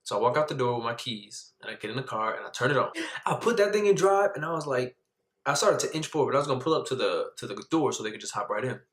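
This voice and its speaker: Animated young man telling a story. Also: fast, echoey room. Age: young adult. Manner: dramatic, jumps to high pitch when excited. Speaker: vlogger.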